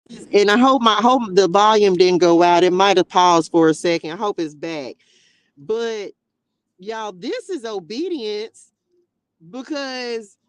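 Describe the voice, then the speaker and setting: A woman with a mid-range voice hosts a casual Bible study livestream, speaking emotionally and directly to her viewers. The recording is rough, with no room sound.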